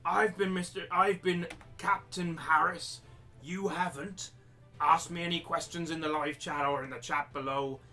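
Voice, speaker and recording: A man's voice: fairly high pitch, fairly even intonation, measured pace, sharp tone, faint music behind. A man teaching a live-streamed maths lesson step by step, slipping into a jokey pirate-like accent. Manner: explains step by step, repeating himself.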